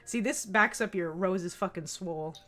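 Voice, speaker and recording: A woman streamer with a lowish voice reads a visual novel aloud at a moderate pace and chats with her audience. She laughs often and swears freely, with loud music playing behind her.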